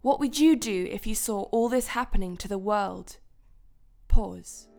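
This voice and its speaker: Slow, gentle female Bible teacher. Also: medium pitch, vocal fry. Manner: gentle, questioning the listeners. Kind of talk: children's Bible lesson.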